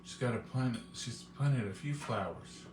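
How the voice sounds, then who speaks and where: A man's voice: medium pitch, unhurried, heavy background noise. Man, folksy live-stream host, casual chat, roomy echo. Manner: homey, folksy, chatty, talks straight to viewers.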